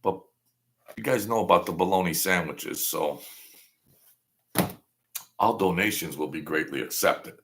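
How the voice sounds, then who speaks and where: A man's voice: low voice, measured pace, long pauses, a bit bright, slight background noise. A man in his sixties hosting a livestream, chatting in a rambling, sentimental and jokey way. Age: 60s. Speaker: livestream host. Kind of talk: rambling casual livestream chat.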